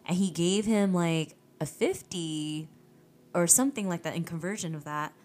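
A woman telling animated stories in a casual chat, swearing and laughing as she goes. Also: lowish voice, normal speed. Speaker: podcast guest.

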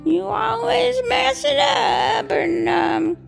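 A woman voicing a fretful old country wife who shouts shrilly, close to tears. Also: animated, slow pace, creaky, music in the background, exaggerated voice. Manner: shrill, wailing and near tears.

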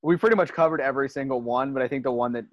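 A man co-hosting a casual podcast, telling animated stories with swearing and laughter. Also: mid-range voice, racing, muffled recording. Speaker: podcast co-host.

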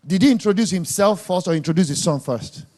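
A man's voice: high voice, expressive, fast talker, mellow. A man preaching a sermon, emphatic and scolding, repeating words for stress.

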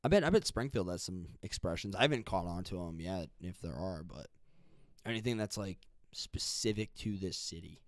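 A man's voice: sits low, expressive, normal speed, no room sound, studio quality. A young man hosting a podcast, chatting casually and rambling with lots of fillers and restarts. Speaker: podcast host. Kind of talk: casual chat.

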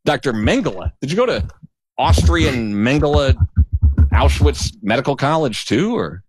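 A man's voice: mid-range voice, sing-song, normal speed, a little mellow, breathy edge, no echo. A middle-aged man telling a story in casual chat, rambling, profane and sarcastic.

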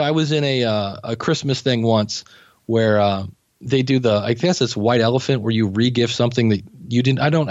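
A man's voice: medium pitch, no echo. A man guest on a podcast, chatting casually and rambling through anecdotes, acting out what he said back then. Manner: rambling anecdotes, acting out his own past remarks. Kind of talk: casual storytelling conversation. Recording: dull dry lo-fi audio.

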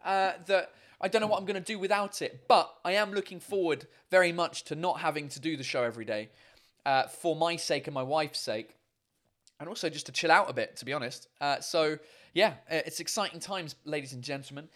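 A man's voice: on the high side, brisk, fairly bright tone. Chatty, swearing man hosting a live show. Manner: chatty, swears freely, lots of filler. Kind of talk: casual live-stream chat.

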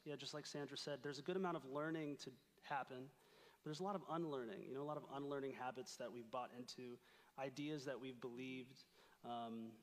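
A man's voice: medium pitch, big-room sound. A young man giving an earnest, playful talk at a retreat as a campus ministry speaker. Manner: earnest, playful, reads scripture aloud. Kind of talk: sermon-style talk at a retreat.

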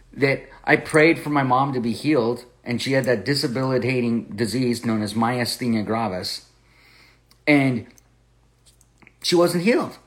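A man of ordinary middle pitch hosts a Bible study podcast. He tells a personal story earnestly, often repeating and restarting his words as he goes. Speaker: podcast host and Bible teacher.

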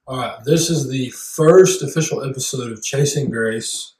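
A man's voice: medium pitch, moderate pace, echoey room, distant mic, noisy background. A man with a Southern US accent co-hosting a podcast in casual chat, rambling along with mock-formal wording. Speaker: podcast co-host.

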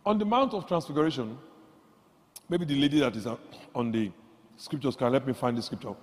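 Animated preacher man in a reverberant hall. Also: brisk. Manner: animated, jumps from low asides to loud exclamations; leads the congregation in call-and-response reading. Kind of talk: sermon.

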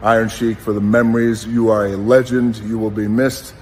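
A man in his fifties giving an earnest, unhurried spoken tribute with many pauses. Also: lowish voice, level tone, in a large hall, a little hiss or hum.

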